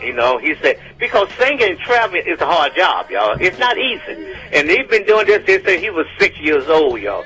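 Lively man announcing on gospel radio. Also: high-pitched, normal speed. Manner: lively, pleading, repeats "y'all" often. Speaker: radio host. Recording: dull lo-fi radio sound with faint music.

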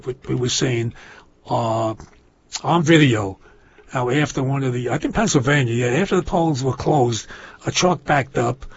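A man's voice: mid-range voice, slightly rough, dull audio. A man hosting a talk show, delivering a rambling, emphatic monologue and often calling his listeners folks.

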